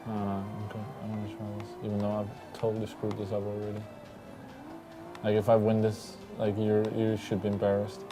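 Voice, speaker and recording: Low-voiced joking man gaming on stream. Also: completely flat delivery, a little fast, music in the background. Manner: joking, self-mocking, laughs often. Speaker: livestream co-host playing a racing game. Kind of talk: casual gaming banter.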